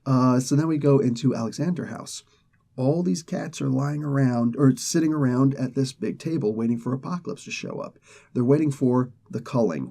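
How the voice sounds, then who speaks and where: A man recaps a comic book plot in a relaxed, rambling way. His voice is mellow and dark, and it sits in a middle pitch. He keeps breaking off to act out what the characters say. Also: breathy edge. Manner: loose, rambling retelling with acted quotes.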